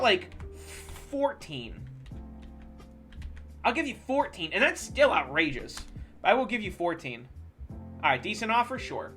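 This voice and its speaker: Game streamer mid-rant: animated delivery with a bright, forward tone. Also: mid-range voice. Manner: animated, profane sports ranting. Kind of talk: casual rant while live-streaming a game.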